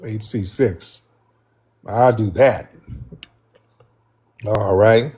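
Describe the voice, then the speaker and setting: Husky-voiced man chatting on a live stream. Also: lowish voice, extremely slow, a little mellow. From United States. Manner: chatty, joking, talks to his viewers. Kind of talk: casual live stream chat.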